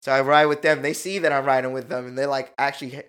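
A man telling a story in a casual, animated chat, full of slang and swearing. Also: medium pitch, fast, smooth.

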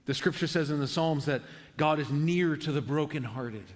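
A man preaching a conversational sermon as pastor, earnest and halting, often restarting his sentences. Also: a little high. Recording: long hall reverb.

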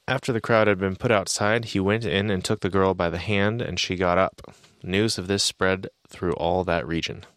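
A man co-hosting a podcast, reading Bible passages aloud in a steady, plain way. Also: low voice, moderate pace, no echo, studio quality. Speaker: podcast co-host.

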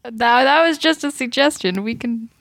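A woman's voice: fairly high pitch, animated, moderate pace, creaky, a bit bright, dry recording. A woman making brief, dry remarks in a casual planning chat for a tabletop game.

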